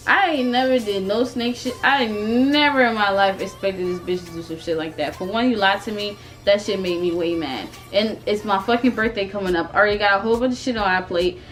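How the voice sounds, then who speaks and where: A young woman in her twenties tells a casual storytime straight to her audience. She talks in an animated, profane way and laughs often, with faint music underneath. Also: mid-range voice. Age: 20s. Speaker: vlogger.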